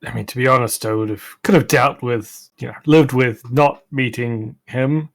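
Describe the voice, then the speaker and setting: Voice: medium pitch, moderate pace. A player in a tabletop game making dry, wry remarks.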